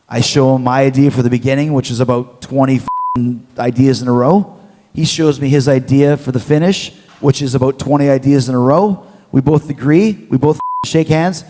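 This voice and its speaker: A man from Canada, a guest telling stories in an interview, lively and acting out quotes with bits of swearing. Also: mid-range voice, normal speed, in a large hall. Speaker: interview guest, former wrestler. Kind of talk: animated storytelling.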